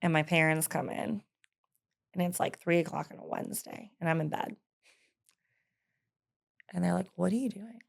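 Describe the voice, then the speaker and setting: A woman's voice: sits low, flat delivery, normal speed, gravelly, long pauses. A woman in her thirties telling her personal story in an interview, candid and hesitant, with frequent fillers and laughs. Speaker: guest.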